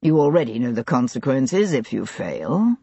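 Woman doing a cold scary nobleman in an audiobook, low husky voice, short bossy orders. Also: very animated, normal speed, dark tone, no echo, full character voice. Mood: cold, commanding. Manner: curt and commanding. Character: cold, menacing powerful older nobleman.

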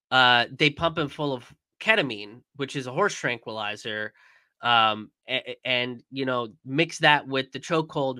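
A man's voice: mid-range voice, bright, forceful tone, no echo. A young man commenting in a casual stream, angry and profane, with many fillers and restarts.

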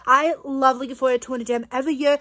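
A woman's voice: high voice, fairly even intonation, fast, fairly bright tone, no echo. A young woman vlogging casually, gushing about her night at a concert event with lots of filler words. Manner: bubbly, gushing, many "like" fillers. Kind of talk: casual vlog chat. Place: concert venue, then at home.

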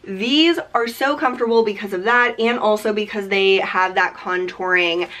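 A woman's voice: medium pitch, moderate pace, a bit bright. A young woman with a nasal, allergy-stuffed voice, chatting casually about her favorite products in a rambling way. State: congested from allergies. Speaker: beauty vlogger. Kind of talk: casual chat.

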